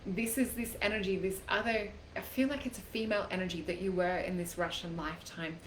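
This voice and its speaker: A woman hosting a live psychic reading show, talking gently and casually with lots of fillers like "like" and "um". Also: lowish voice, fairly even intonation, a little fast. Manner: gentle, chatty, many fillers like "like" and "um". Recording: echoey room, faint background noise.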